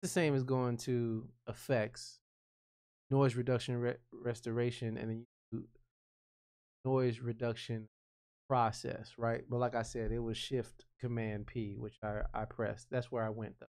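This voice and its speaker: A man's voice: medium pitch, a little slow, clean tone. A man talking casually through a screen-recorded editing tutorial, narrating each click as he thinks aloud. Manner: relaxed and conversational, with frequent restarts. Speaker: freelance video editor explaining his workflow.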